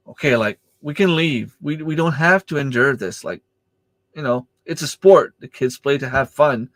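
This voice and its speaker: A man's voice: moderate pace, fairly bright tone, no room sound. Man chatting on a dry close mic. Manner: storytelling, acting out quoted exchanges with rising pitch; hesitant, many fillers and restarts. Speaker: youth soccer coach and channel host. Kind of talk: casual livestream chat.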